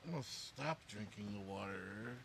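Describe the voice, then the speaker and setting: A man playing a tabletop game, giving quiet, low-key replies. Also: lively intonation, moderate pace, slight background noise. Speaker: player.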